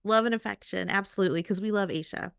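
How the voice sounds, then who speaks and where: A woman hosting a podcast in casual chat, agreeable and quick with short affirmations. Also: medium pitch, vocal fry, a bit bright, clear, resonant tone, dry recording, studio quality. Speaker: podcast host.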